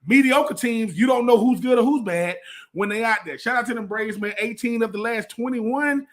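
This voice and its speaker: Man, sports talk co-host, high voice, emphatic, drives points home by repetition. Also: moderate pace. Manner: emphatic, repeats phrases for effect. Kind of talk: casual sports radio chat.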